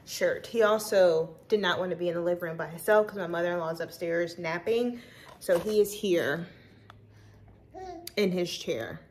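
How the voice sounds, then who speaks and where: A woman's voice: on the low side, a little hiss or hum, poor audio. A woman in her thirties chatting casually to her viewers in a daily vlog, talking straight to the camera. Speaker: vlogger. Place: store and then home.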